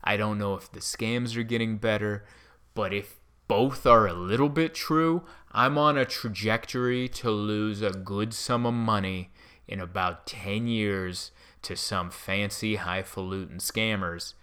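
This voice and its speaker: A man in his mid-thirties telling a story in a rambling, self-mocking way, with animated bursts. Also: fairly low pitch, unhurried, smooth. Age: 30s. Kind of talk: casual storytelling monologue.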